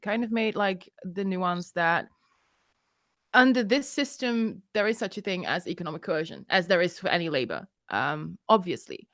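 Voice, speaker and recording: A woman's voice: fairly low pitch, expressive, moderate pace, fairly bright tone. A woman hosting a casual livestream chat, talking hesitantly with lots of fillers and restarts, blunt and a bit tipsy. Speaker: host.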